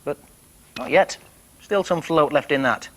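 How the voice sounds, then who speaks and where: A man presenting a children's TV show, talking gently and playfully to young viewers. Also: fairly high pitch, unhurried.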